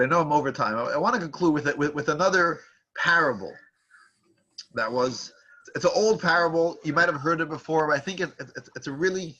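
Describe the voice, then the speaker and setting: A man with a high, bright voice and a slightly husky edge, teaching a class. He tells a parable in an animated way, often restarting his phrases as he builds the story. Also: highs cut off. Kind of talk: storytelling lecture.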